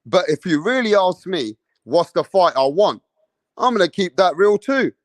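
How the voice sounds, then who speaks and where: A man's voice: sits high, sing-song, moderate pace, no echo, studio quality. A man putting on a brash, swearing London boxing fan with a put-on London accent. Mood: rowdy. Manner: swearing, slangy, boisterous.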